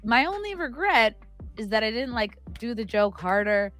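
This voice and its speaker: A woman's voice: fairly high pitch, sing-song, moderate pace, a bit bright, soft background music. A woman co-hosting a podcast, telling a story in a rambling, self-correcting way. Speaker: podcast co-host. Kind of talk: casual chat.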